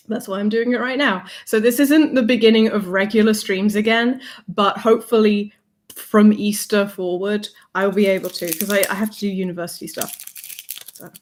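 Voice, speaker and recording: A young woman hosting a casual livestream, chatty and playful, laughing often, reading out viewer comments, and sometimes dropping to a soft whisper. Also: medium pitch. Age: young adult. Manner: drops to a soft whisper at times. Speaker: livestream host. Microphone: desk mic.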